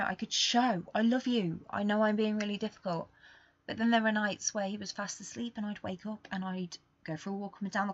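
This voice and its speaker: A young woman hosting a podcast, talking candidly in a rambling, confessional way that swings between quiet and emphatic. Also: mid-range voice, vocal fry, no room sound, dull audio. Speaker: podcast host. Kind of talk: casual confessional monologue.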